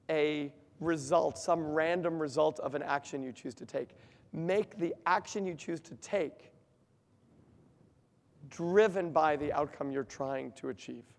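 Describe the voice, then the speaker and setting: A man's voice: a little high, vocal fry. A man giving an interactive workshop talk, quizzing his audience and explaining in an emphatic way. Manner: asks the audience questions, lively and emphatic. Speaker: workshop speaker. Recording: long reverb of a hall.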